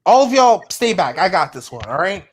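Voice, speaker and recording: A woman's voice: on the low side, very animated, normal speed, breathy edge. A woman in a voice chat, speaking in an impassioned, lecturing way and piling up repeated questions. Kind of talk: heated voice chat confrontation.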